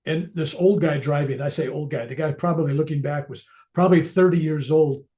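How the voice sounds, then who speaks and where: With a warm tone and a pitch on the high side, an older man who is a reverend shares a personal spiritual story with an audience at a veterans event. He moves fairly quickly, and his manner stays earnest and reflective.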